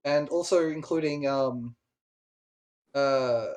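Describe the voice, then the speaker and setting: A game master narrating a tabletop game in a lively way, with frequent laughs, fillers and restarts. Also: mid-range voice, slow.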